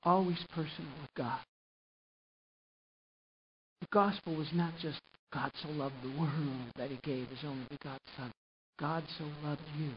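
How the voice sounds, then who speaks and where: A man preaching a sermon and retelling a gospel story, swinging from quiet narration up to loud, emphatic passages. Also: on the high side, normal speed, long pauses. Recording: muffled lo-fi recording with faint hiss.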